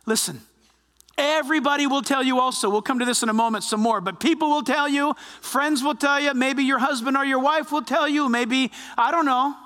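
A man preaching a sermon, animated, often acting out the voices of those he quotes. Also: extremely high pitch, a little fast, big-room sound. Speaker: pastor.

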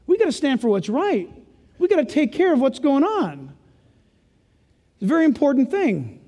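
An older man preaching a sermon as pastor, animated and playing out the voices of his listeners. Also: extremely high pitch. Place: church. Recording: long reverb of a church hall.

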